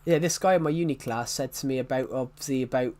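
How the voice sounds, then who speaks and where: A man's voice: mid-range voice, fast, a little mellow. A young man with an English working-class accent from a former mining area, chatting casually on a livestream, rambling, restarting sentences and answering chat. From England.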